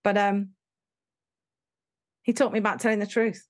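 A woman's voice: mid-range voice, level tone, moderate pace. A middle-aged English woman, a guest in an interview, telling her life story frankly and animatedly, acting out the people she quotes.

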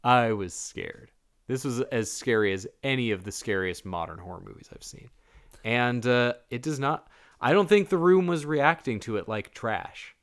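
A man's voice: mid-range voice, expressive, normal speed, no room sound, clean studio sound. A man co-hosting a casual movie podcast, joking and acting out goofy voices as he talks. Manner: jokey, acts out silly voices mid-story. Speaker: podcast co-host. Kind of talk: casual movie review chat.

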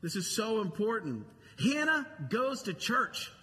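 A man with a high-pitched voice preaches a sermon at a slow, deliberate pace. His delivery is conversational, and he repeats key phrases for emphasis. The sound has a long reverb and a faint hum of ambience behind it. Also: sing-song, bright, forceful tone. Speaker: pastor.

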